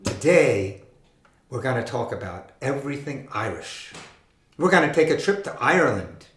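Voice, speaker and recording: A man hosting a children's music show, explaining things to kids in a gentle, enthusiastic way. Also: medium pitch, sing-song, moderate pace, roomy sound.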